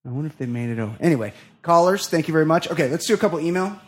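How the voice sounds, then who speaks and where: A man hosting a comedy podcast, bantering excitably with lots of swearing. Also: a little high, very fast. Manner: profane, excitable, laughing banter. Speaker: podcast host. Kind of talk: casual comedy podcast chat.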